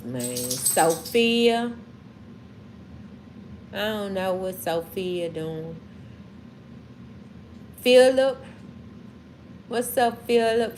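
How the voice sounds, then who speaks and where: A Southern woman from Mississippi hosts a livestream, chatting casually and answering comments. She speaks slowly in a drawl and talks back to chat, her mid-range voice carrying a slight hiss or hum.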